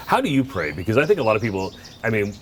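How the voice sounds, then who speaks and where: A man with a somewhat low voice co-hosts a relaxed chat. He asks curious, upbeat questions and is quick to laugh. A faint hiss of noise runs underneath. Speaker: co-host, interviewer. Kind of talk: casual conversation.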